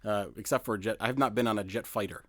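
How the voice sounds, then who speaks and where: A man co-hosting a podcast who talks fast in a casual, jokey way and slips into mock-dramatic buildups. His voice sits mid-range and the sound is dry, with no room echo. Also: on the low side, fairly bright tone. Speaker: podcast co-host. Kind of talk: casual joking chat.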